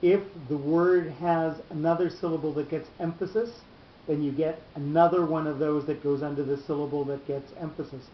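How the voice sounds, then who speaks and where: Guy teaching a torah reading class, patient and slow, kinda muffled echoey recording. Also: a little high, steady tone, slight background noise. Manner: patient, explanatory, drawn-out pauses. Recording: echoey room, muffled lo-fi sound.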